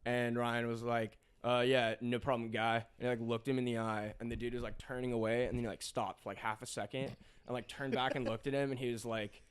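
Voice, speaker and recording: A young man chats loosely on a podcast, piling on filler words as he tells a funny story. His voice sits at an ordinary middle pitch. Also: steady tone, fast, clean tone. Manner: rambling storytelling full of fillers and laughs. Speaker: podcast co-host. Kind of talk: casual chat.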